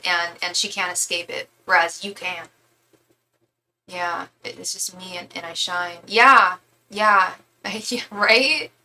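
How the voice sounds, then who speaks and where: A woman's voice: lowish voice, pushed and bright, a little hiss or hum, poor audio. A young woman giving a live-stream tarot reading, talking casually in slangy, emphatic bursts and often restarting her sentences. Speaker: tarot reader.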